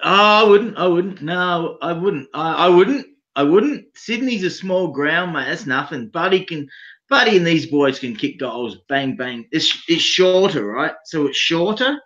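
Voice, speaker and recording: Aussie bloke talking footy bets, fired up, bit high voice, dull muffled call sound. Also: male voice, a little slow. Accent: Australian. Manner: blunt, excitable, says "mate" constantly, swears. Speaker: guest betting analyst. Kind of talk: casual sports betting chat.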